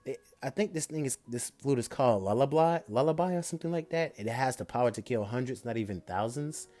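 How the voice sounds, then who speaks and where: A man's voice: medium pitch, animated, brisk, dark tone, natural voice. A man voicing a cheerful, easygoing young male martial-arts hero in a fan-told story, with a slightly raised, casual delivery.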